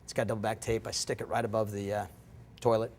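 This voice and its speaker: A man's voice: fairly low pitch, little pitch movement, fast talker, darkish tone, a little hiss or hum. A middle-aged man giving a guest lecture, telling stories in a rambling, self-interrupting way. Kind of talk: storytelling lecture. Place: lecture room.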